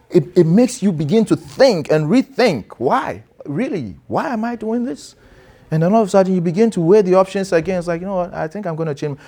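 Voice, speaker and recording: Teaching a class as a pastor, a man with a high-leaning, darkish voice preaches an interactive sermon in a conversational way. He asks his listeners questions and calls on them to read.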